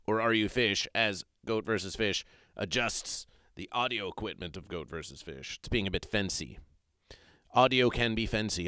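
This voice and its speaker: A man's voice: mid-range voice, fairly bright tone, clear, resonant tone, dry recording, clean studio sound. A man hosting a comedic livestream, reading the chat and talking about himself in the third person in a stilted, grandiose way, often repeating his phrases.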